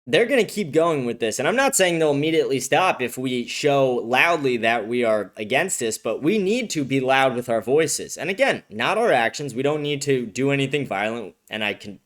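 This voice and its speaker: A young man hosts a livestream and rants in angry, profane bursts. His throat is a little sore, and his voice sits at an ordinary middle pitch. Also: a bit bright. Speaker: host. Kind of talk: livestream political commentary.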